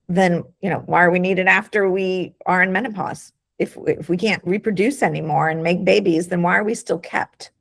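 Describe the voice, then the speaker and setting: A woman doctor wraps up a webinar over a video call, her voice gravelly with fry. She sounds encouraging and casual, and she repeats words as she gets going. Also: lowish voice. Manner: warm, encouraging, repeats words when starting a thought. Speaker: doctor hosting a health webinar.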